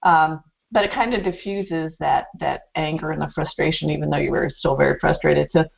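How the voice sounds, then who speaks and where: Low gravelly-voiced woman host. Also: fairly even intonation, fairly quick, lo-fi sound. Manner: reflective, thinking aloud with small restarts. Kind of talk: conversational interview.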